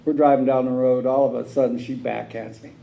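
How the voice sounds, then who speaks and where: Plainspoken man telling his story with a mellow voice. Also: medium pitch, little pitch movement, brisk, creaky, slight background noise, rough recording. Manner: plainspoken storyteller, drawling with frequent "uh" and "you know". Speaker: AA speaker sharing his story. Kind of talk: recovery meeting talk.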